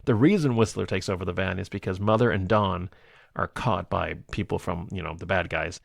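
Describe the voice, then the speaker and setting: A man co-hosting a movie podcast, retelling film scenes in a casual, animated way and laughing often. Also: low-pitched, a little fast, creaky, dry recording, clean studio sound. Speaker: podcast co-host. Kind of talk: casual movie review chat.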